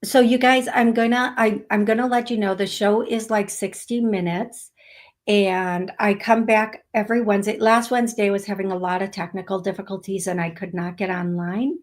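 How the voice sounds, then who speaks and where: A woman hosting a live psychic reading stream, talking slowly and affectionately to viewers, with many fillers while she reads comments. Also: medium pitch, steady tone. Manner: slow, soothing, affectionate. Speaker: psychic medium host.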